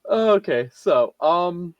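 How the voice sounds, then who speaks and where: A man playing a tabletop game who explains his moves in a hesitant, halting way. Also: high-pitched, expressive, no echo, lo-fi sound. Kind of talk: casual tabletop game chat.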